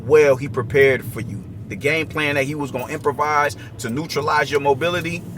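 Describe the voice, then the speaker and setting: A man's voice: fairly high pitch, brisk, noisy background. A young man giving a casual, profane, slang-heavy commentary rant about boxing. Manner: profane, slangy, restless and repetitive.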